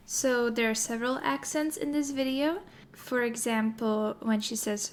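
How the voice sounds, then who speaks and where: A woman teaching animation in a recorded tutorial, explaining in a clear, methodical way. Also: on the high side, unhurried, slight background noise. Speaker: animation instructor.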